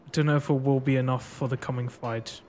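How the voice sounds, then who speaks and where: A man's voice: mid-range voice, little pitch movement, quick pace, a little mellow. Swearing, laughing gamer guy. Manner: swearing, laughing, thinking aloud. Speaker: gaming streamer. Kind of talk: casual gameplay commentary.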